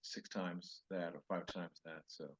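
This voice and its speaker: A man's voice: low-pitched, little pitch movement, unhurried, lo-fi sound. An older male comedian telling road stories in a podcast interview, acting out other people's lines in raised voices. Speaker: comedian guest.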